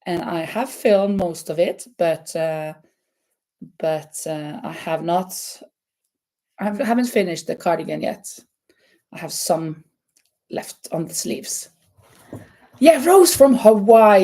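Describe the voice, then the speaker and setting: A woman from Norway with a Norwegian accent, hosting a casual live crochet chat in a halting way, with many fillers and restarts. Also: on the low side, expressive, gravelly, mellow. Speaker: crochet channel host.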